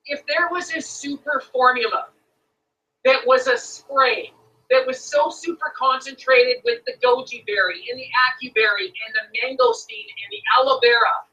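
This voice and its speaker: A man's voice: very high-pitched, bright, forceful tone, distant mic. A man with a Canadian accent, enthusiastically telling a sales story to a room as guest speaker, heard over a phone line. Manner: enthusiastic storyteller, addresses "folks".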